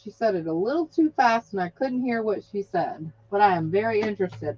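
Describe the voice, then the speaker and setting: A woman hosting an online craft market live stream, exuberant and cheering winners with loud whoops. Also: medium pitch, animated, fairly quick, few pauses, husky, no echo, highs cut off.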